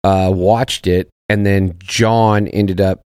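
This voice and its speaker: Deep-voiced man, laid-back podcast guest. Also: steady tone, slow, darkish tone, clear, resonant tone, dry recording, studio quality. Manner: laid-back and profane, searching for words. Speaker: podcast guest, actor and former soldier. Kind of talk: casual podcast chat.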